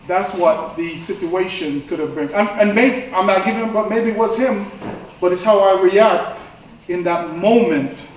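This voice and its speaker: High-voiced preacher in an echoey church. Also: male voice, slight background noise. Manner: conversational storytelling, rising to impassioned. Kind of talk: sermon. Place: church sanctuary. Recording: echoey church room from far off.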